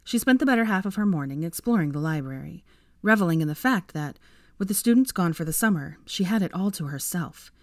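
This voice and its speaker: A woman with a low voice narrates a story aloud, expressive and measured. Her pitch moves lively up and down. The sound is dry and close, with no room echo. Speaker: fanfiction reader.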